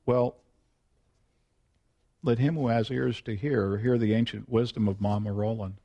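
Male pastor, folksy and self-deprecating, animated storyteller in the pulpit. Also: lowish voice, a little fast, lo-fi sound. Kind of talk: sermon with personal storytelling.

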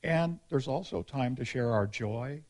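A man's voice: medium pitch, expressive, measured pace, a little mellow. A male pastor giving a sermon in a candid, conversational and informal way.

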